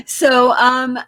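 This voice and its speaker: A woman's voice: sits high, bright, forceful tone. Woman host, live stream, upbeat, easy laughter.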